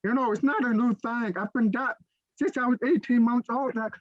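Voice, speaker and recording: A man with the speech of a deaf person, co-hosting a casual chat and telling lively stories. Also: moderate pace, no echo, lo-fi sound. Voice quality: deaf speech that listeners hear as unusual. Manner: animated storyteller, swings his pitch widely. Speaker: podcast co-host.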